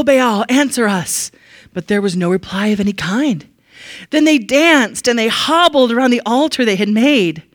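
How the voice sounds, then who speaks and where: A woman giving a casual, animated Bible lesson. She is chatty, laughs often and leans on fillers. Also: mid-range voice, dry recording, studio quality. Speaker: Bible teacher.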